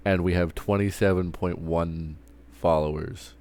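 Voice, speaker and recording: During a live stream, a man vents in a casual rant, cursing heavily and rambling with frequent stumbles and restarts. His voice is low-pitched and darkish, with a steady tone and a measured pace.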